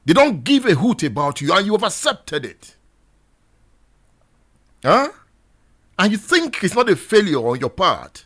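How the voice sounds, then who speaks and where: Fiery high-voiced Nigerian radio host. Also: male voice, big pitch swings, measured pace, long pauses. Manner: exhorting, repetitive, rising to shouts. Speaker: radio talk show host. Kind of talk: impassioned radio monologue. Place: radio studio.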